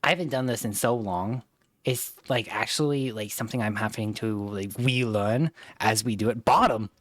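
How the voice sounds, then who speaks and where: A man's voice: lowish voice, moderate pace, fairly bright tone. A man streaming a game in casual chat, swearing and joking, his throat strained from holding a raised voice.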